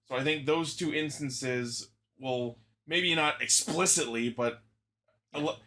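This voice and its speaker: A man co-hosting a casual fan podcast, laying out his points methodically and deliberately. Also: on the high side, sharp tone. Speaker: podcast co-host.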